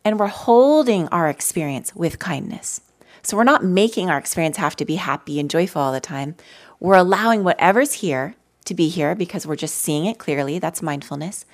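A woman telling personal stories in a gentle, conversational way as she leads a live mindfulness talk for an audience. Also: fairly low pitch, expressive, normal speed. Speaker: mindfulness teacher. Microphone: handheld mic.

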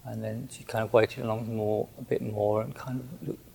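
A man who is a Buddhist monk, recounting a personal story in a gentle, hesitant way with many restarts. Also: on the low side, steady tone, normal speed, vocal fry, husky, rough recording.

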